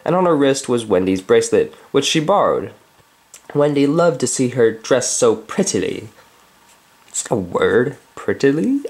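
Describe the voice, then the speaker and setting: A man casually reading a children's book aloud, breaking off into chatty, joking asides. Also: medium pitch. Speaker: reader.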